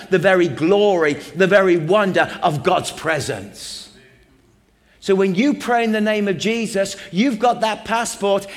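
English guy preaching a sermon, kinda high voice, earnest, keeps repeating phrases to build it up. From England. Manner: earnest, emphatic. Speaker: pastor.

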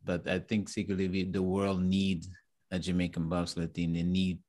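A middle-aged man hosting a casual interview, relaxed and laughing along with his guest. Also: sits low, normal speed. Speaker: interview host.

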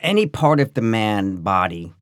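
A man with a very low voice tells a story on a podcast, loose and rambling, with lots of restarts and fillers. The sound is dry and close, with no room behind it. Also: moderate pace, dry recording. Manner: rambling, full of restarts and "like", animated. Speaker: podcast co-host. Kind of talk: casual storytelling chat.

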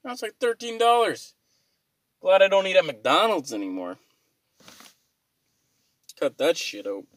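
Dude ranting, cussing a lot, kinda high voice, dry close sound. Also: male voice, huge pitch swings, measured pace, pauses often, no echo. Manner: rambling, exasperated, swears a lot. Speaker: vlogger. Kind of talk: profane comic rant.

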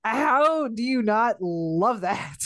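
A woman's voice: fairly high pitch, animated, extremely slow, fairly bright tone, no echo, studio quality. Enthusiastic woman film podcast guest. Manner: enthusiastic, swears, laughs often. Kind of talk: casual film chat.

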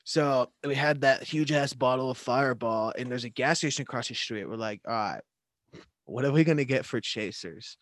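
A man's voice: mid-range voice, moderate pace, a bit bright, dry recording. Young man, casual swearing storyteller, laughs a lot, dry recording. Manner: loose, profane, laughing storyteller.

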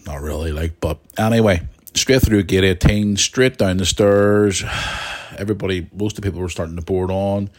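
A man's voice: low-pitched, moderate pace. A young man hosting a podcast, telling a long rambling story with plenty of restarts and asides to his listeners. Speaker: podcast host. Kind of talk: casual storytelling monologue.

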